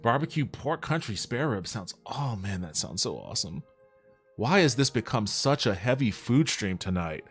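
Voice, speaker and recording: On a livestream, a man with a lowish, very animated voice chats loosely with viewers at normal speed, reading their messages aloud and replying. He's laid-back and swears freely, with faint music playing softly behind him.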